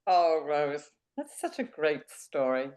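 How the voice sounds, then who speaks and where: A woman's voice: low voice, big pitch swings, takes it slowly, a little mellow. A woman hosting a storytelling evening, effusive in her praise of the teller. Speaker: event host. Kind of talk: warm thanks after a story.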